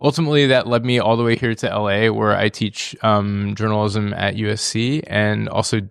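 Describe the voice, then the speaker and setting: Man, journalism teacher, gravelly, low pitch, casual, lots of ums. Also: steady tone, moderate pace, no room sound, clean studio sound. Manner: casual, rambling, many fillers. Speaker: journalism educator. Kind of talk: panel talk to students.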